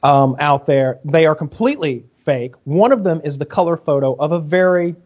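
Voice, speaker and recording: A man hosting a podcast, telling a crude story in an animated, casual way over a video call with dull lo-fi audio. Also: a little high, normal speed. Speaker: podcast host. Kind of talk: casual chat.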